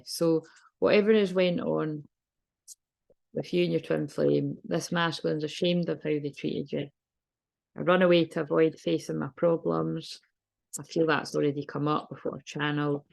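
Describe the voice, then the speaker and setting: A woman's voice: low voice, vocal fry, darkish tone. A British woman giving a casual tarot reading, rambling, laughing and swearing freely. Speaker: tarot reader.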